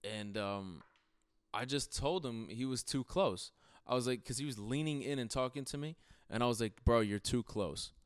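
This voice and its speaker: In a smooth, mid-range voice at a moderate pace, a podcast host casually recounts a trip he took with friends. His storytelling is relaxed and full of swearing, with laughter running throughout.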